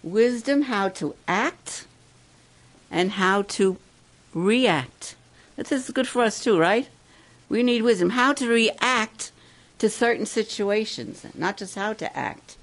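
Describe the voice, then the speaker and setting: Gravelly older woman preaching to campers. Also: medium pitch, takes it slowly. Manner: coaxing, asks the crowd questions. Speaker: camp speaker. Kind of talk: sermon.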